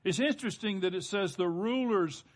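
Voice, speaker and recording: A pastor preaches a sermon earnestly, slowing down and dropping his voice low for emphasis while calling on the congregation to respond.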